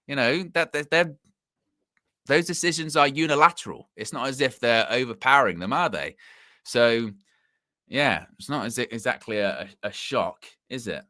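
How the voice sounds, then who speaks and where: Host, man, bright forceful tone, dry close sound, rambling livestream chat. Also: medium pitch, normal speed, no room sound. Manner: rambling, animated, full of fillers and restarts. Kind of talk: casual live commentary.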